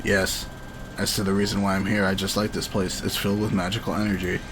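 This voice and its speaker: A man doing a smooth, deep young man. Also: little pitch movement, fast talker, faint music behind. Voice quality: deep and soft.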